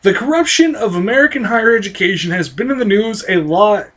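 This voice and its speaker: A vlogger in an angry political rant to camera, cursing constantly and swinging from low mutters to high outbursts. The voice is strained, close to giving out. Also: lively intonation, a little fast, a bit bright.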